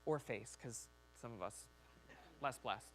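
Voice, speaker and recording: A man's voice: mid-range voice, slow pace, a bit bright, slight background noise. A man preaching a sermon as a pastor in a church, talking conversationally and acting out quoted voices.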